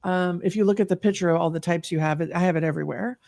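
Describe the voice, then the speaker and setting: A woman's voice: on the low side, fairly even intonation, rapid-fire, creaky, a little mellow, dry recording, studio quality. A woman in her fifties, a guest telling her personal story in an earnest, reflective way, with many fillers and restarts. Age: 50s. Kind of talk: personal story in an online talk.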